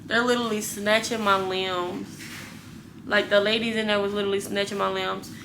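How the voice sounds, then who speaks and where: A woman's voice: mid-range voice, moderate pace, background noise. A young woman vlogger casually telling her viewers a story, blunt and full of swearing. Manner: profane, blunt, animated retelling.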